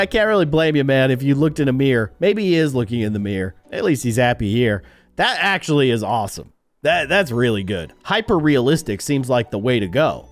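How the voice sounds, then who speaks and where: A YouTuber, male and medium-pitched, gives casual reaction commentary into a close desk mic. He is animated, laughs a lot and gets shocked easily.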